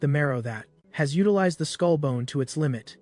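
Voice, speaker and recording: A man narrating a comic recap in a brisk storytelling voice with small slips. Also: on the high side, animated, a little mellow, faint music behind.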